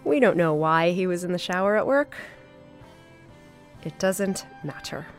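A woman hosting a podcast, reviewing an episode in a casual, enthusiastic way with many fillers and pauses. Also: on the low side, expressive, soft background music. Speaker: podcast host.

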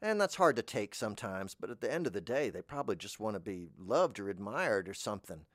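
A man hosting a podcast, musing in a meandering deadpan monologue that trails off into mumbles. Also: fairly quick, no echo, clean studio sound. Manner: jumps into high squeaky voices for imagined speakers. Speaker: podcast host. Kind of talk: rambling comic monologue.

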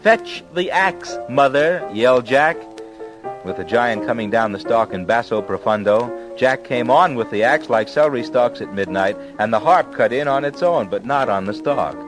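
A man's voice: medium pitch, normal speed, few pauses, music in the background, low-quality recording. A man telling a fairy tale in laid-back jazz slang on an old comedy record. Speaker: narrator. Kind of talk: comic hipster storytelling.

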